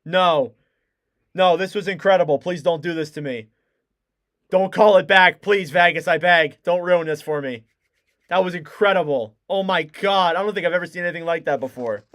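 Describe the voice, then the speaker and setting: Young male fan commentator, high bright clear voice, excitable play-by-play. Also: brisk. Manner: excitable, shouts and cries out on big plays.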